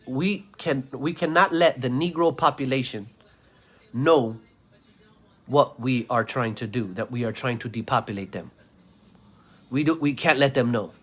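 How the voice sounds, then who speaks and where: A man delivering an angry political rant to camera, scornful and insulting his listeners. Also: mid-range voice. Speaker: political commentator. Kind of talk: ranting vlog monologue.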